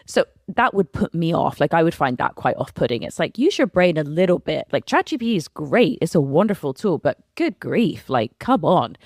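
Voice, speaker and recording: A woman's voice: low voice, very animated, normal speed, few pauses, darkish tone, no room sound, clean studio sound. A British woman co-hosting a casual podcast, chatting frankly with a self-deprecating edge and lots of "like" fillers. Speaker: podcast co-host. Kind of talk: casual conversational podcast chat.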